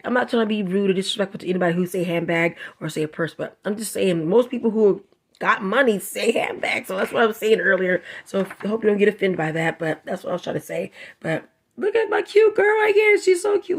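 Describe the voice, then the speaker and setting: A woman's voice: medium pitch, a little fast, breathy edge. Chatty sassy woman craft vlogger. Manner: chatty, effusive, sassy, laughs often. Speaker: craft channel host. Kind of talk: casual coloring book review vlog.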